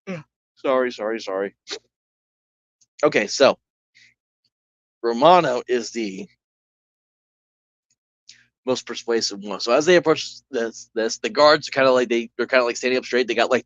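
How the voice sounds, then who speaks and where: Narrating his own solo tabletop game, this man talks casually and rambles, correcting himself, restarting and saying "like" a lot. He has a medium-pitched voice with no echo, captured in dull lo-fi audio.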